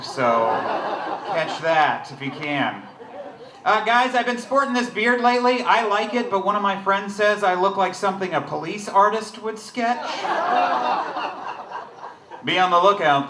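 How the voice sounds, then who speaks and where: A man's voice: high-pitched, recorded from a distance. A man from the United States doing a self-deprecating stand-up set. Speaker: stand-up comedian. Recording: echoey room with clear background noise.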